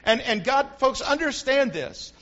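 A pastor with a very high voice preaches a sermon at a measured pace, telling animated stories to his congregation. He frequently calls out "Amen?" to the room, and the recording is dull and lo-fi.

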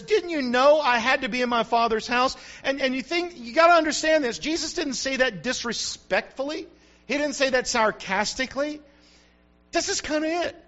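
High-voiced older preacher, lo-fi sound. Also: male voice, lively intonation, moderate pace, bright, forceful tone. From United States. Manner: preaching with repetition and rising emphasis. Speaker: pastor. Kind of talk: sermon.

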